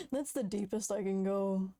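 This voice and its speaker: A woman's voice: mid-range voice, a little slow, mellow. A woman streaming live, chatting casually and playfully, laughing often and swearing freely. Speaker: VTuber streamer.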